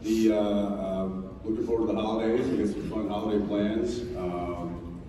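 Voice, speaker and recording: A man's voice: on the low side, steady tone, moderate pace. A man bantering and teasing as a guest on a convention panel, chatty and playful. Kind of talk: casual stage banter. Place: large convention hall stage. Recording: echoey hall, distant mic, crowd noise.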